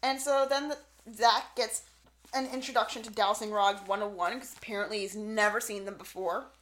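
A woman co-hosting a podcast in casual chat, retelling events in an animated way with lots of fillers. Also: medium pitch, a little fast. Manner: animated storyteller, lots of "like" and "so yeah". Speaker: podcast co-host. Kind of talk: casual chat recapping a show.

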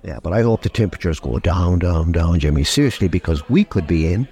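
A man's voice: low-pitched, expressive, fairly quick, mellow. A man co-hosting a comedy podcast, bantering with jokey mock outrage. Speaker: podcast co-host. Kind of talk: casual comedic chat.

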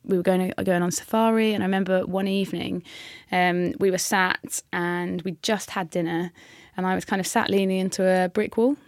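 A woman, a hockey player telling her story candidly in an interview, with frequent halting restarts. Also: fairly low pitch, fairly even intonation, dry recording, studio quality.

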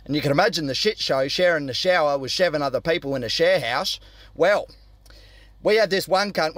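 A man's voice: a little high, fairly bright tone, no echo. Blunt Australian man telling a yarn. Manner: crude, blunt storytelling. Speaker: caller. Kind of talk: recorded voice message story.

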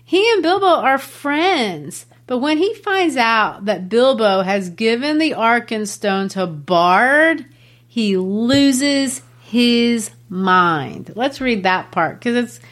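A woman's voice: a little high, lively intonation, slow, fairly bright tone. A woman in a casual book discussion, earnestly explaining ideas.

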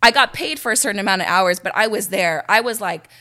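A young woman from Los Angeles telling stories about her radio career in a casual, animated way, full of "like" and quoted dialogue. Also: medium pitch, quick pace. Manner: animated, chatty, heavy use of "like". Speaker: radio personality, guest. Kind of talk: casual storytelling.

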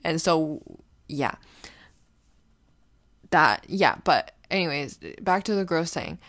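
Woman with a low voice, loose and profane, rambling through a story in a dry room. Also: lively intonation, slow pace, fairly bright tone, no echo. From grew up partly in Canada, moved there as a child. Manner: rambling, swears often, many restarts and asides. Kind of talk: casual profane storytelling monologue.

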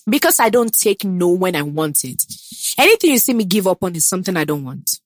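A woman's voice: lowish voice, big pitch swings, a little fast, no room sound, clean studio sound. A young woman with a Nigerian accent, chatting in an interview about herself, confident and emphatic, slipping into Pidgin. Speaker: guest. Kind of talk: casual interview chat.

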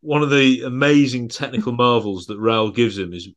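A man's voice: mid-range voice, fairly even intonation, normal speed. A man hosting a casual film-review podcast, chatty and rambling, often trailing off mid-thought. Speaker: podcast host.

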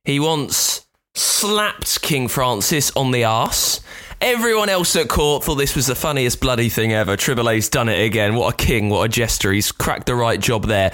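A man co-hosting a podcast, telling stories in a casual chat with an animated, jumpy delivery. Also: medium pitch. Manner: animated, jumpy storytelling with lively swings. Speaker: podcast co-host.

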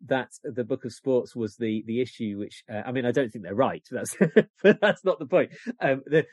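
A man, a guest author, telling history in a casual, animated podcast chat, laughing often. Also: mid-range voice, no echo, clean studio sound. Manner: chatty, animated storytelling with laughs.

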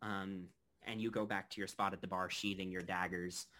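A man narrating as game master of a tabletop game, halting and loose, with many fillers. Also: deep voice, level tone, bright, forceful tone.

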